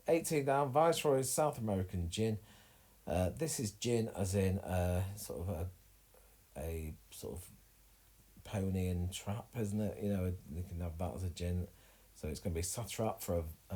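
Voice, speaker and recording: A man explains crossword answers one clue at a time in a laid-back, thinking-aloud way, often pausing on an uh. His voice sits a touch low. The tone is warm and mellow. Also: low-quality recording. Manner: relaxed, thinking aloud with many uhs. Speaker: crossword solver. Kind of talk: casual crossword walkthrough.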